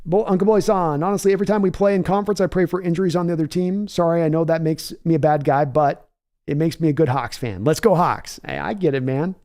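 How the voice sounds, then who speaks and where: A man hosting a live football stream in a casual, chatty way, answering viewers by name and thinking his analysis out loud. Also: fairly high pitch. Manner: measured, thinking-aloud analysis with restarts. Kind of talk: casual live-stream football talk, reading chat aloud.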